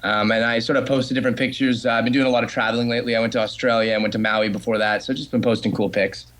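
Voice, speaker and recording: A man's voice: medium pitch, steady tone, rapid-fire, a bit bright. A man from Canada, a voice actor, chatting easily as a guest on a podcast. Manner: chatty, easygoing, laughs along. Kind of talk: casual podcast interview.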